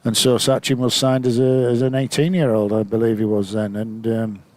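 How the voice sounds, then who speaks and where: Older male summariser, mid-pitched, meandering anecdotes. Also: level tone, normal speed, darkish tone, no room sound. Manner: rambling, anecdotal, many fillers. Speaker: former player and summariser. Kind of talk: reminiscing commentary chat.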